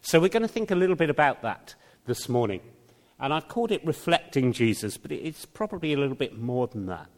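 A man preaching a sermon to his congregation, speaking slowly and deliberately with a touch of dry humor. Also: medium pitch, big pitch swings. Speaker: pastor. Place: church hall. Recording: long reverb of a church hall.

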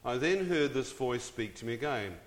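A man's voice: medium pitch, lively intonation, moderate pace. Middle-aged guy telling a story to a crowd, keeps asking them questions, voice rings around a big hall. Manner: addresses the audience with questions and asides. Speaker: speaker telling his story. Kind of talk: dramatic personal storytelling to an audience. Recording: long reverb of a large hall.

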